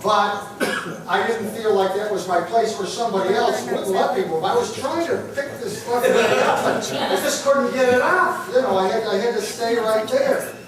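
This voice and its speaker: A man giving an animated, indignant speech, telling a story to a meeting audience. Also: sits high, normal speed. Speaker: political speaker. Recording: roomy hall from far off, crowd. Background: crowd.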